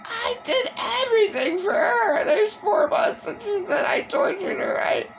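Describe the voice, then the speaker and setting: A woman's voice: extremely high pitch, big pitch swings, unhurried, creaky, over music, voice pushed up, heavily acted. A woman putting on a mocking voice of a self-pitying abusive man who whines and sobs about how much he did. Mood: whining. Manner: mocking, wailing, sobbing complaints.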